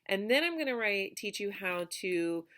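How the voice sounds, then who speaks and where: A woman's voice: mid-range voice, animated, normal speed, fairly bright tone. A young woman teacher giving a recorded remote lesson, talking casually with many ums and likes.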